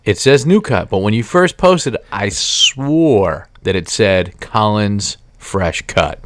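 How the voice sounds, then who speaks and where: A man's voice: on the low side, expressive, takes it slowly, a bit bright, no echo. Male podcast co-host, teasing, quizzing, dead-dry close sound. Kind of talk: casual chat.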